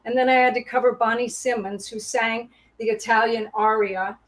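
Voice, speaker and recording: Woman, guest on a video call, animated storyteller, laughs often, fairly high voice. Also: normal speed, rough recording. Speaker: guest, Broadway performer. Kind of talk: casual storytelling interview.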